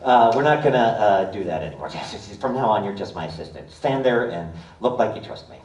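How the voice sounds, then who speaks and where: A man's voice: fairly low pitch, expressive, fairly quick, darkish tone, recorded from a distance, muffled recording. A man performing a live comedic stage demonstration, ad-libbing and joking with the crowd. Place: indoor theater stage. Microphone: audience camera from afar. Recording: echoey theater recorded from the audience.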